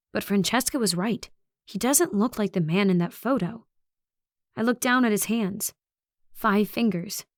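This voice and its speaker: A woman's voice: medium pitch, no echo, clean studio sound. Woman narrating a tense horror audiobook. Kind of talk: first-person horror narration.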